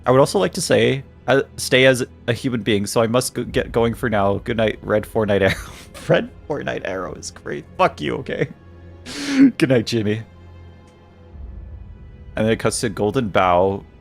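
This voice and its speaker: A man's voice: mid-range voice, vocal fry. A man streaming a video game, joking with chat, laughing often and reading the game's dialogue aloud. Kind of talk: casual gaming stream commentary.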